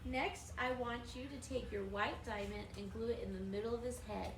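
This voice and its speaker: A woman's voice: fairly high pitch, brisk, noisy background. A woman preschool teacher giving patient, encouraging craft instructions to young children. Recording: roomy echo from a distant mic.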